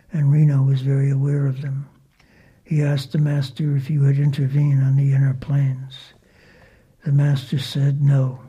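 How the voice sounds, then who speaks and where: A disciple telling personal memories of a spiritual teacher, speaking softly and reverently, often slipping into a whisper. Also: medium pitch, husky. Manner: soft, partly whispered, reverent storytelling. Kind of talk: spoken personal recollection.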